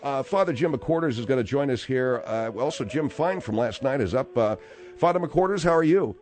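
A man's voice: mid-range voice, animated, a little fast, a little mellow. A man hosting a comic radio call-in show from a studio, playing the dry, exasperated straight man. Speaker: radio talk show host.

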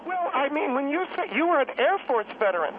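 A prim older lady , put on by a man, comes through a tinny phone line in a very high, strained voice. She scolds and fires off self-righteous questions as a talk radio guest. Her voice is thin and edgy. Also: sing-song, fast talker, a little hiss or hum, heavily acted. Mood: indignant. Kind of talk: comic talk-radio role-play.

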